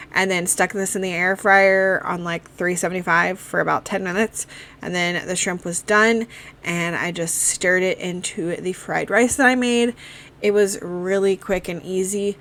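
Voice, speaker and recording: A woman talks through her week of family dinners in a relaxed, chatty voice-over, moving one step at a time. She drops in the occasional "um" and "like" as she goes. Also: on the low side. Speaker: cooking vlogger. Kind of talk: casual recipe voice-over.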